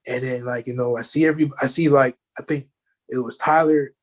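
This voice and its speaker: A man's voice: medium pitch, steady tone, fairly quick. A man guest telling a personal story in casual chat, rambling with lots of fillers. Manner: rambling, many fillers like "you know" and "like".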